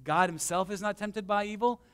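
A man preaching a conversational sermon as pastor, swinging between emphatic and hushed, with self-deprecating stories. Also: high voice, a little fast, clear, resonant tone. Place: church.

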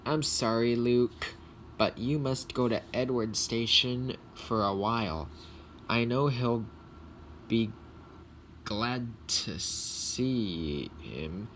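A man voicing a stern older railway boss in a low, measured voice. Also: a bit bright, slight background noise.

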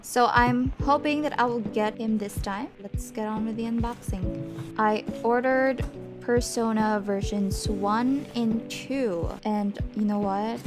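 A young woman excitedly unboxing albums in a vlog, gasping and squealing with delight. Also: fairly high pitch, measured pace, music in the background. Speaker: book and K-pop vlogger. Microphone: desk USB microphone.

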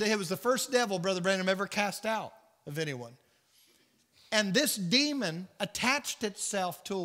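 High-pitched and sharp in tone, a Southern US man preaches earnestly at a Bible study. His sermon-style teaching weaves in stories whose voices he acts out, and the recording carries church hall reverb.

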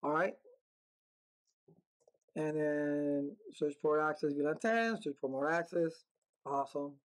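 A man's voice: on the high side, steady tone, takes it slowly, rough recording. Man, networking tutor, casual, upbeat, talks through his typing. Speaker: networking instructor. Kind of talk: screen-recorded lab walkthrough.

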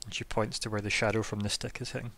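A man's voice: on the low side, flat delivery, quick pace, vocal fry, bright, forceful tone. A man narrating as game master of a tabletop game in a casual way, with many fillers.

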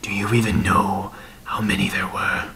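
A man voicing a vengeful, rotting dead man in a whispered role-play, speaking slowly in a hushed, menacing whisper. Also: lowish voice, level tone, vocal fry.

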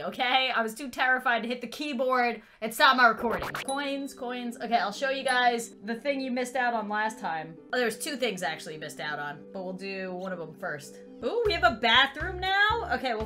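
A young woman gaming YouTuber does animated let's-play commentary, cooing in baby talk at a virtual kitten. Her voice is fairly high and sharp.

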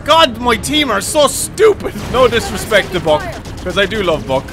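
A man with a high, lively voice yelling and cackling through a shooter session, unhurried between outbursts. Game music plays loudly underneath him. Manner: loud, laughing, swearing, shouting at teammates. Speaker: gaming YouTuber. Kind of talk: excitable let's-play commentary. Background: game music and vehicle sounds.

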